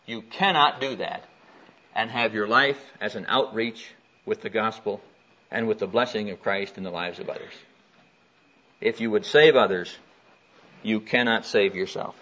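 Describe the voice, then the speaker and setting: A man preaching a sermon, telling a personal story and reading scripture aloud in an animated way. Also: lowish voice, normal speed, pauses often. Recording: dull lo-fi recording.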